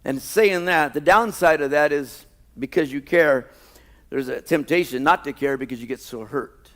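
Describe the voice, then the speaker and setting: A male pastor delivering a sermon in a church, his voice a touch higher than most men's. He swings from loud, fervent preaching down to hushed, personal storytelling. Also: moderate pace. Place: church sanctuary.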